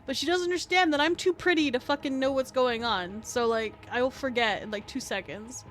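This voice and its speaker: A woman's voice: high-pitched, fairly quick, a bit bright. A tired woman with a scratchy throat, rambling as she streams a game, full of fillers, swearing and joking at her own expense. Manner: rambling, filler-heavy, swears freely, self-mocking. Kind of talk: casual live-stream chat.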